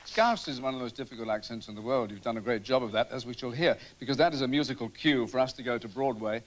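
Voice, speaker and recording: A man's voice: medium pitch, steady tone, fast talker, a little hiss or hum. A man hosting a television tribute show, introducing guests in a polished, scripted way. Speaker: TV host.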